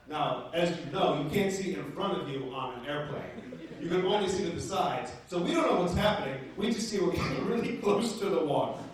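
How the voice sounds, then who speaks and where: A man telling a profane, animated stand-up story on a comedy club stage. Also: on the high side, recorded from a distance. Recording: echoey club room, audience laughter.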